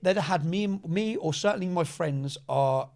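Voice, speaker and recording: A man, a podcast guest telling a long story in a casual, animated way, often checking in with "yeah?" and "bruv". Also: on the high side, normal speed, vocal fry. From England.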